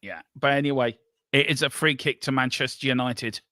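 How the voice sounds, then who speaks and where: Host, male, bright and dry-toned, excitable live match caller. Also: mid-range voice, brisk, no room sound. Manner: excitable, running commentary with banter. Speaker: watchalong host. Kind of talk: live football play-by-play.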